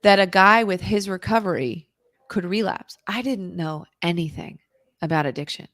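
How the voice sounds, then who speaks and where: A woman, a guest on an interview show, telling an intense personal story in a vivid, dramatic way, at times dropping to a hushed whisper. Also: fairly low pitch, animated, moderate pace, no echo, clean studio sound. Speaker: interview guest, recovery author.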